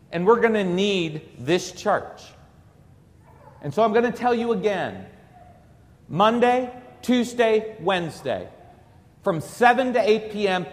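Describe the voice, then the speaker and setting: A man's voice: very high voice, fairly bright tone. A man who is a Catholic priest preaching a sermon, emphatic and rhetorical with bits of humor. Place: church. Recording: reverberant church hall.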